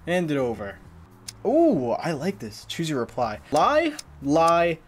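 A man's voice: fairly high pitch, wildly swooping pitch, slow pace, faint music behind. A young man streaming a game, joking and self-deprecating as he talks to his chat. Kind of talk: casual game commentary.

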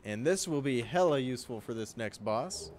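A young man streaming a game, chatting with viewers in a relaxed, joking way and breaking into loud yelps and laughs. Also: medium pitch, normal speed, a little hiss or hum. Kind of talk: gameplay commentary.

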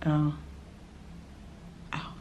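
A woman's voice: drawn-out words, warm tone, slight background noise. A young woman hosting a joking makeup tutorial vlog, playful and often dropping into whispered asides, now and then slipping into a mock accent. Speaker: beauty vlogger.

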